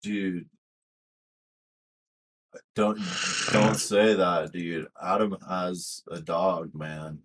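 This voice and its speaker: A man's voice: low voice, steady tone, very slow, pauses often, background noise. A man co-hosting a podcast in a mumbly, laid-back way. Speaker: podcast co-host. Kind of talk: casual chat.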